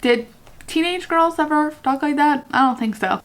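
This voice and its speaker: Her voice sits high and moves at an ordinary speed. It's a laid-back reading vlog: she works through a piece of fan fiction and keeps interrupting herself with giggles and chatty commentary.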